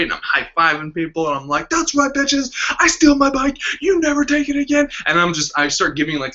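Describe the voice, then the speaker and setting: A man in his thirties, casually telling a story as a vlogger and acting out the quoted lines with lively voices. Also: mid-range voice. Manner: animated, acts out quoted lines with shifting voices. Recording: slightly dull lo-fi sound.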